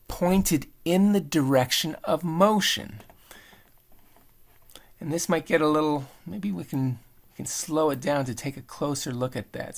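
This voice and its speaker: Gravelly-voiced man explaining a lesson. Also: a little high. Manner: relaxed explaining, thinking aloud while demonstrating. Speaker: engineering instructor. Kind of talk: screen-recorded lecture.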